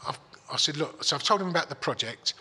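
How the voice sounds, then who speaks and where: A man's voice: a little high, expressive, quick pace, bright, forceful tone, breathy edge. A man telling a story in casual chat, swearing freely and restarting his sentences. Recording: long hall reverb.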